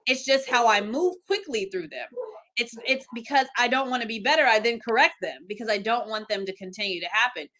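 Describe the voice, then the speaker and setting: A woman's voice: on the high side, a little fast, slight background noise. A middle-aged woman hosting a casual podcast, telling stories animatedly and acting out quoted lines. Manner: animated storyteller, acts out quotes. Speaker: podcast host. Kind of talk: casual chat.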